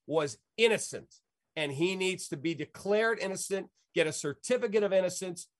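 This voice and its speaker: A man's voice: sits high, normal speed, dry recording, studio quality. A middle-aged man, a sports radio host, telling stories in an emphatic, rambling, folksy way. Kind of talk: animated storytelling in an interview.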